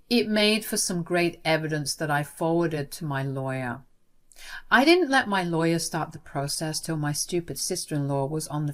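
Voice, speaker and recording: A woman narrating a first-person story in an indignant, dramatic way. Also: deep voice.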